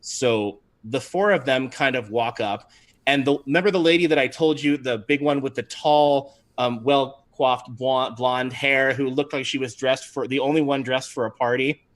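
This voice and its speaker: A man's voice: mid-range voice, moderate pace. A man narrating as game master in a tabletop game, rambling and laughing often.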